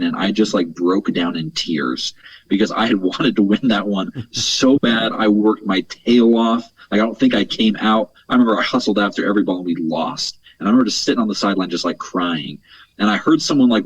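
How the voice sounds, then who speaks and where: Earnest husky coach, lots of "right?". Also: male voice, fairly low pitch, moderate pace, no room sound. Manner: earnest, explains at length, tags points with "right?"; repeats words while thinking. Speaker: mental performance coach, guest. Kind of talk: conversational podcast interview. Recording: dull lo-fi sound, dry.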